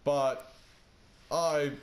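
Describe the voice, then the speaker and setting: A man with a slightly high voice chats casually as he plays a game. He tells his story in a rambling, self-deprecating way and drifts off on tangents. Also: fairly even intonation, very slow. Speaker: gaming vlogger.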